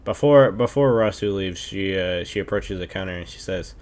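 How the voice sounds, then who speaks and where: A man playing a tabletop game, calm and matter-of-fact. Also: deep voice, moderate pace. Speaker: player. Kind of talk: casual tabletop role-play.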